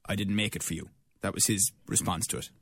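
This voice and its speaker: A man's voice: on the low side, fairly even intonation, quick pace, creaky, fairly bright tone, husky, no room sound, clean studio sound. A man with a Cork Irish accent hosting a radio show, chatting in a joking, rambling way. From Ireland. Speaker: radio host. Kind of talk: casual radio chat.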